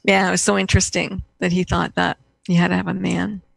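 A woman's voice: fairly low pitch, level tone, fairly quick, gravelly, no room sound. A middle-aged woman, a guest in conversation, telling a personal story in a rambling way with many restarts and fillers.

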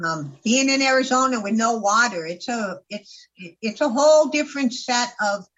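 A woman's voice: on the high side, expressive, moderate pace, a bit bright, low-quality recording. A woman herbalist from California chatting as a radio guest, telling stories emphatically with many restarts. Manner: storytelling, emphatic, with repeated starts. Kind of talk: casual radio chat.

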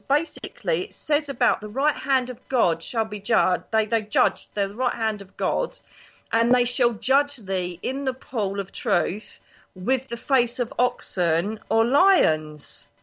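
Chatty lady telling stories on a talk show, acts out little voices, dull lo-fi audio. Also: on the high side. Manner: animated, chatty, acts out voices in her anecdotes. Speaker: psychic guest. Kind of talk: casual storytelling interview. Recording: dull lo-fi recording.

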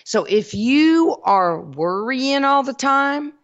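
A woman's voice: sits high, expressive, slow pace. A woman with a Southern US accent hosting a spiritual teaching talk, folksy and calling her listeners y'all. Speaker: host. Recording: dull lo-fi recording.

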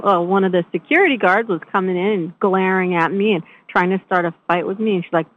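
A woman host telling a personal story in a chatty, animated way, often restarting her sentences. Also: fairly low pitch, fast, few pauses. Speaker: show host. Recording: tinny phone-line sound.

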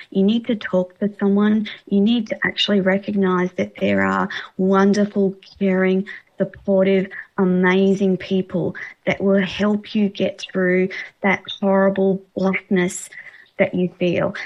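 Female radio host, encouraging and emphatic, mid pitch, slightly muffled recording. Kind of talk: radio interview.

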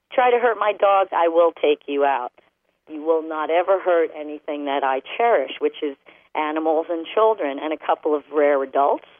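A woman's voice: on the low side, no echo, phone-quality sound. A middle-aged woman hosting a radio talk show about dog training, speaking emphatically and acting out what dogs and owners would say.

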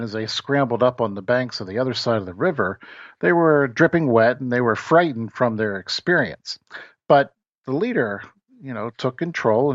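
A man hosting a talk show, telling a parable in a relaxed, conversational way with everyday fillers, then reflecting on its meaning. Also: mid-range voice, no echo. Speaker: podcast host. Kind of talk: storytelling and reflection. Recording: dull, dry lo-fi recording.

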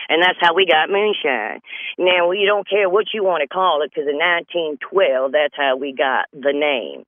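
A man's voice: high-pitched, no room sound. A man from North Carolina hosting a show with a rambling comedy monologue, often laughing at his own jokes. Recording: tinny phone-line sound, dry.

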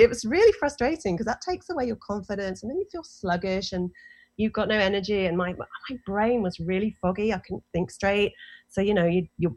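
A woman in her forties with an English accent, telling her own story as a guest in a casual interview, animated and self-deprecating. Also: medium pitch. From England. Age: 40s. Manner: animated, self-deprecating, lots of fillers and restarts.

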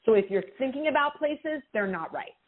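A woman giving intuitive readings to callers on a call-in show, expressive and reassuring, with feeling in her voice. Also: sits high, brisk. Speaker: intuitive reader answering callers. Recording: tinny phone-line sound.

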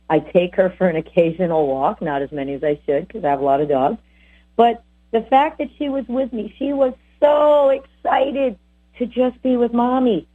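A woman dog trainer giving lively, chatty advice on bonding with dogs. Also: medium pitch, slightly rough. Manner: animated, chatty, voices the dogs. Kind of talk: casual advice talk. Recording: tinny phone-like audio.

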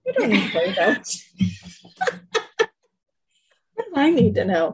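Chatty husky-voiced woman co-host. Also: medium pitch, huge pitch swings, takes it slowly, low-quality recording. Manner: chatty, laughing, distracted by tech. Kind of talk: casual video-call chat. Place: her bedroom at home.

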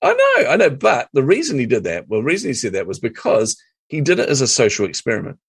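A middle-aged man, a marketing coach, talking as an interview guest in an energetic, emphatic way, laughing often. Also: mid-range voice, fast talker, slightly rough, no room sound, studio quality. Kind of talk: casual interview chat.

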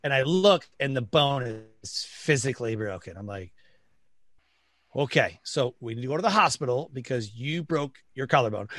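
A man's voice: mid-range voice, expressive, moderate pace, fairly bright tone, dry recording. Middle-aged guy from detroit, blunt and emphatic, voice jumps all over, dry close sound. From Detroit, Michigan. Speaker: podcast guest. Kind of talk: casual conversation.

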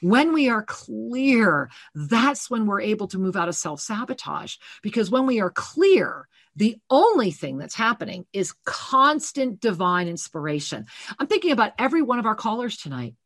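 A woman co-hosting a live spiritual call-in radio show, giving slow, soothing readings to callers. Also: medium pitch, sing-song, fairly bright tone, no echo. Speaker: co-host, spiritual teacher.

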